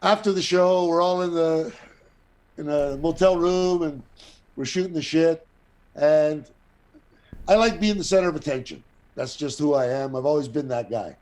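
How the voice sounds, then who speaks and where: An older man, an actor and guest, telling a long anecdote in a casual, profane, animated way. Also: on the high side, normal speed, long pauses. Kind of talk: casual storytelling.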